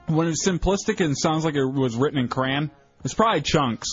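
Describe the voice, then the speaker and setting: A man's voice: on the high side, normal speed, breathy edge. Joking, rambling male radio co-host. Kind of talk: radio show banter. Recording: slightly muffled broadcast with faint music.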